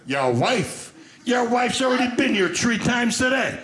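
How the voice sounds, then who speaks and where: A man voicing small, pushy Italian cookie elves that coax him to eat, in an insistent, drawn-out way. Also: extremely high pitch, very animated, voice pushed up, full character voice. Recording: echoey stage with loud crowd noise.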